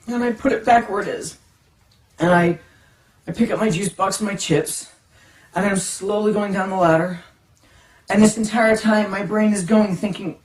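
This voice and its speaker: Animated storyteller in an echoey room. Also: mid-range voice, normal speed. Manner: animated, dramatic swings from hushed to excited. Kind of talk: casual comic storytelling. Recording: echoey room, distant mic, faint music.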